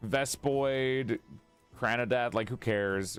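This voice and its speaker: A male streamer chatting casually over a game, his pitch leaping all over the place as he gushes and squeals. He is a little sleepy but stays excitable. Faint music plays underneath. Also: moderate pace. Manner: excitable, gushing, swings into high squeals. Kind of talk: casual gaming livestream chat.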